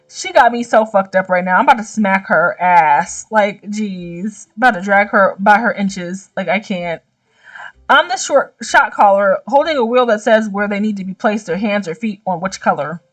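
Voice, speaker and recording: A young woman gaming YouTuber reading a visual novel aloud, breaking off with slangy, animated reactions. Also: a little high, distant mic.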